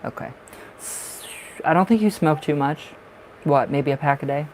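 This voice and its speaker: A man with a raspy smoker's voice doing tarot readings on a livestream, chatting in a rambling way and laughing often. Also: fairly high pitch, moderate pace, a little hiss or hum, low-quality recording. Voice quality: raspy from smoking. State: short of breath at times. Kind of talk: casual livestream chat.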